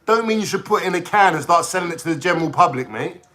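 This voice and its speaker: Man, livestream rant, swearing, excitable, fairly high voice. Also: quick pace. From London.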